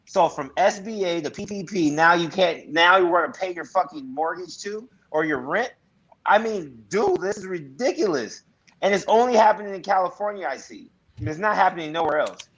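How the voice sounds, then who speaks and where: A man's voice: high voice, expressive, normal speed, fairly bright tone, husky, lo-fi sound. Sarcastic, swearing man ranting. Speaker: podcast co-host. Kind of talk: casual chat.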